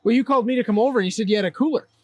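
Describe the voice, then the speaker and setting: Male guest, fairly high pitch, dry close sound, teasing and provoking. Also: rapid-fire, no echo, dull audio. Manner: needling, playful, provoking. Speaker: guest, play-by-play announcer. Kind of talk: comedic casual banter. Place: outdoors in a backyard.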